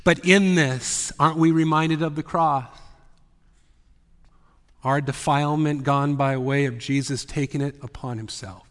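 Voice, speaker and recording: A male pastor with a somewhat high voice delivers a sermon, often falling into dramatic whispers before rising again. His words ring out with the long reverb of a large hall. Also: fairly even intonation, a little slow, fairly bright tone. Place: church sanctuary.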